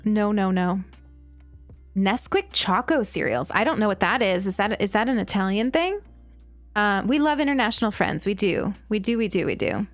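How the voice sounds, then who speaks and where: A woman's voice: mid-range voice, normal speed, no echo, soft background music. A young American woman streaming a game, chatting casually with her chat and telling stories with lots of laughter. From United States. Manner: chatty, giggly, animated storytelling. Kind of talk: casual chat while gaming, reading chat.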